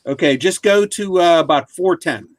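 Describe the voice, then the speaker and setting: A man's voice: fairly high pitch, normal speed, dry recording. A man co-hosting a casual chat show, steadily guiding the talk from one segment to the next. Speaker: show co-host.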